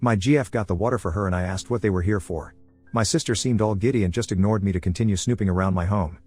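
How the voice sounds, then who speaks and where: A man's voice: fairly low pitch, fast talker, darkish tone, slightly rough, soft background music. A man narrating a first-person online story in a blunt, swearing way.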